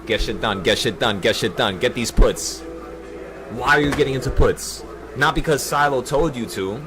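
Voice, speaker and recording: Intense, animated man giving a pep talk. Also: lowish voice. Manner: intense and preachy, with profanity and repetition. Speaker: trading group leader. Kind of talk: livestream pep talk to traders.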